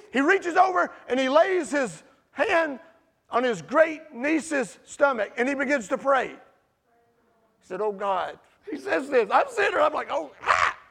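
A preacher man with a strikingly high, gravelly voice tells a story from the pulpit, his delivery animated and swelling into shouts at its peaks. The sermon style is lively and conversational. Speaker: pastor.

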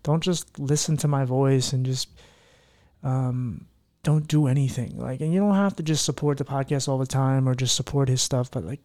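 A man's voice: mid-range voice, normal speed, warm tone. A man hosting a podcast in casual chat, talking in an earnest, heartfelt, rambling way. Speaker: podcast host.

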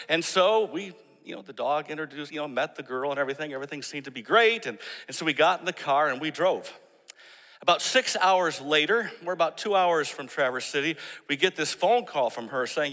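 A man preaching a sermon, telling a story and acting out the people in it with animated emphasis. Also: on the high side, a little fast, long reverb tail. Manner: storytelling, animated when quoting others. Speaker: pastor.

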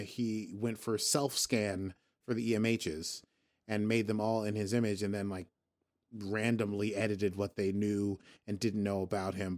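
A man's voice: fairly low pitch, darkish tone. A man hosting a podcast, casually recapping a TV episode in a rambling, joking way, often correcting himself. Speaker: podcast host.

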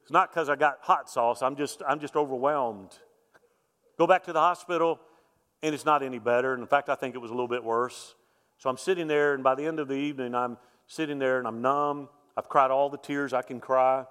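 A middle-aged pastor preaches with heartfelt storytelling, swinging between loud quoted lines and near whispers. His voice sits in a mid range and carries a long reverb from the church sanctuary around him. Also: medium pitch, a little fast, clear, resonant tone. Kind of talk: sermon.

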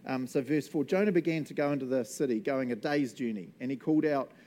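Casual NZ preacher, male, animated and jokey, warm mellow tone. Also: medium pitch, fast talker, slight background noise. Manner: animated, laughing, acts out voices. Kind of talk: casual sermon.

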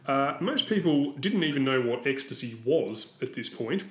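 A man co-hosting a casual music podcast, chatty and quick to laugh, from Australia. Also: mid-range voice, lively intonation. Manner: chatty, laughs often, recites lyrics playfully. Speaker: podcast co-host. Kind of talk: casual chat about music. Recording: roomy echo.

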